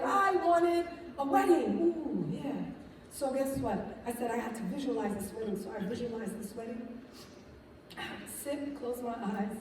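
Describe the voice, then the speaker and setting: A woman tells her story to a live audience in a big, strongly echoing hall, heard from a distance off the mic. Her voice sits high, and she keeps it animated, laughing and checking in with the crowd as she goes. A faint crowd murmur runs underneath. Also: slight background noise. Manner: animated storytelling, laughing, acting out quotes, asks "right?". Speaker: speaker sharing testimony. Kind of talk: lively testimony talk to a live audience. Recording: echoey hall from far off.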